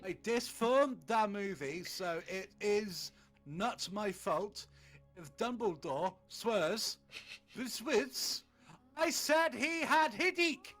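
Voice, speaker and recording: A man voicing an indignant fanfic author who speaks in halting, broken English and sounds huffy and defensive. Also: sits high, fairly bright tone, pitched above the performer's own voice, exaggerated voice.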